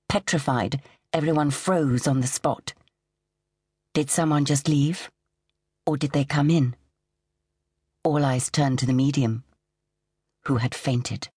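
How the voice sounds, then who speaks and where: A woman narrating a suspense audiobook in a measured, suspenseful way. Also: very deep voice, a little mellow, slightly rough, dry recording, clean studio sound. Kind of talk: scripted narration.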